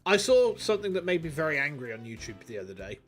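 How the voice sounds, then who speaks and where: A man's voice: on the high side, very animated, fast, faint music behind. A man with a Yorkshire accent, a streamer chatting casually while gaming, rambling and joking with some swearing. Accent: Yorkshire English. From Yorkshire, England. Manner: rambling, profane, jokey.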